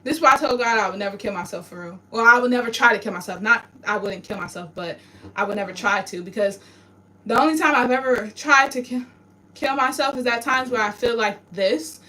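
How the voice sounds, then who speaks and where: Crying as she vents, this vlogger swears and talks through her grief in a raw confessional filmed in her home bathroom, her voice breaking. Her pitch is fairly high, her pace fairly quick, her tone sharp. It's recorded on a distant, noisy mic.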